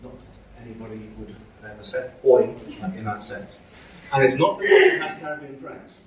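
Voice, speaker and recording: Man lecturer, mid-pitched, pausing and restarting, faint room hum behind. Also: animated, a bit bright. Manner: hesitant, many fillers and restarts. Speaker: university lecturer. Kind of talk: academic lecture. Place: lecture hall. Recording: echoey hall from far off.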